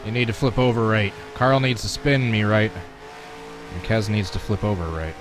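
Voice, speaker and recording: A man's voice: fairly low pitch, steady tone, moderate pace, music in the background. A man casually commentating his racing game on a live stream, chatting with viewers and chuckling as he plays. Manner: chatty, chuckling, talks to chat while playing.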